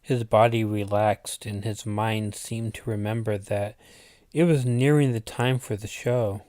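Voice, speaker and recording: A man reading a spooky story aloud as its narrator, in a deliberate manner with the odd aside to his listeners. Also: on the low side, fairly even intonation, a little mellow, no echo, clean studio sound. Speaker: channel host reading his own story.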